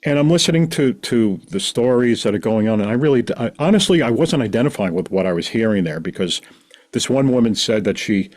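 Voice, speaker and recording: A man's voice: medium pitch, a little fast. Rambling middle-aged man telling a story. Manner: rambling, animated, acts out quoted voices. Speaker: podcast guest. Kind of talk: casual storytelling.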